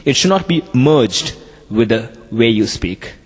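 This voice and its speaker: A man with an Indian English accent, giving a classroom lecture on communication skills in an animated way. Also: medium pitch, measured pace, in a large hall.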